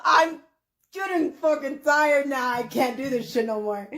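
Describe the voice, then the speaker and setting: A woman's voice: high-pitched, measured pace, a bit bright. A woman ranting to camera in an agitated, profane way, swinging between laughter and tears. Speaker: vlogger. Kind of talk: emotional rant to camera.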